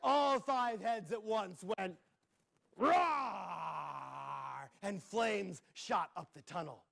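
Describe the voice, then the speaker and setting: A man reads a playful tale aloud to children at a public library, tossing in sound effects and asides. His voice sits high with a fairly bright tone and a bit of vocal fry, and he speaks slowly with lively intonation.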